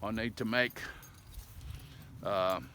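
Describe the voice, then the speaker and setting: A man's voice: fairly low pitch, fairly even intonation, slow, pushed and bright. Folksy older man rambling on a walk. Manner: folksy, talkative, ends lines with "eh?". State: slightly out of breath from walking. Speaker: vlogger. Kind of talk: casual rambling monologue. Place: outdoors on a country road. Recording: noisy outdoor recording. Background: dogs and rural outdoor sounds.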